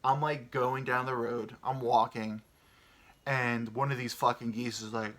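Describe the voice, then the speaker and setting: A man's voice: mid-range voice, steady tone, a little slow, a bit bright. A man in his thirties hosting a rambling solo chat. He meanders, muses aloud and swears casually, and he sounds tired from little sleep. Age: 30s. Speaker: podcast host.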